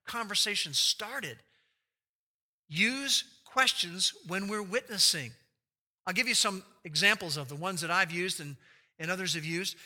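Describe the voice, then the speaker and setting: A man preaching an expository sermon, explaining scripture and putting rhetorical questions to his listeners. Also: sits high. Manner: acts out quoted speech with big shifts in loudness. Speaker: pastor.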